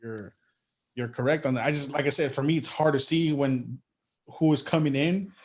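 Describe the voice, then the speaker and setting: A man's voice: medium pitch, moderate pace, a little mellow. A man co-hosting a political talk show, who builds his case with rhetorical questions and often repeats words as he starts a sentence. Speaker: podcast co-host.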